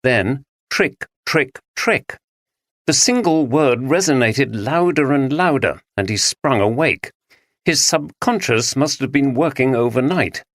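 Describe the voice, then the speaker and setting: A man narrating a mystery audiobook in a measured, even storytelling manner. His voice sits in a middle pitch, and the recording is dry and close with no room sound. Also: dry recording.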